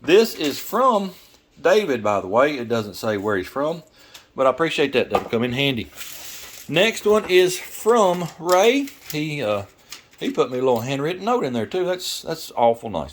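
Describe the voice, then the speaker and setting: A man's voice: medium pitch, very animated, normal speed, a little hiss or hum. Southern guy in his garage, folksy, rambly, lots of uh and well, talking to his viewers. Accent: Southern American. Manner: folksy, rambling, thinks out loud with many fillers. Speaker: garage YouTuber and mechanic. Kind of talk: casual workshop vlog talk.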